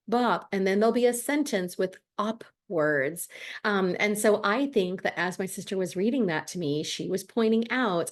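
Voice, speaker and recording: A woman's voice: medium pitch, a little mellow. A woman who tutors reading, talking casually to camera with lots of ums and restarts. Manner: chatty, friendly, many ums and restarts. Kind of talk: casual advice talk to camera.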